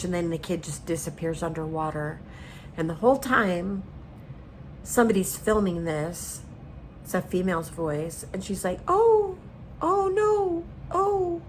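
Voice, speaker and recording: A woman's voice: on the low side, a little hiss or hum, poor audio. A woman cooking in her home kitchen and telling a personal story in an earnest, casual way. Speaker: cooking vlogger. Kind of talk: casual chat while cooking.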